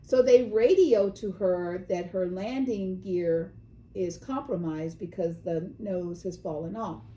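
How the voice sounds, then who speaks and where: A Californian woman co-hosting a casual chat show tells news stories, sometimes acting out the voices of the people involved. Her lowish voice is warm and slow, in a low-quality recording.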